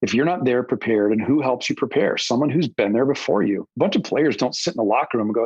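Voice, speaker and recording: A man's voice: mid-range voice, expressive, brisk, breathy edge, no room sound. A man who is a company CEO, speaking as a podcast guest in an emphatic, motivational way. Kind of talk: conversational interview. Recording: dull, slightly lo-fi audio.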